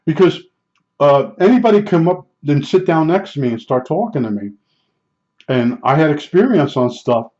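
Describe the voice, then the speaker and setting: Older man, chatty storyteller with lots of restarts; middle-pitched voice on a dull, lo-fi recording. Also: darkish tone. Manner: rambling, chatty, with fillers and restarts. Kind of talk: casual storytelling.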